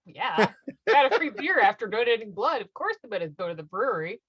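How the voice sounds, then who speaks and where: A woman's voice: fairly high pitch, a little fast, slightly rough, no room sound, muffled recording. A woman with a Midwestern American accent, co-hosting a podcast in casual chat, telling stories and laughing often. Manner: laughing, animated storytelling. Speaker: podcast co-host.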